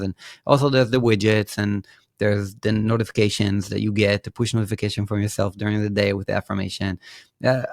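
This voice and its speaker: A man being interviewed as a podcast guest, explaining things in a relaxed way with frequent fillers and restarts. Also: lowish voice, vocal fry, no room sound, clean studio sound. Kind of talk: casual interview talk.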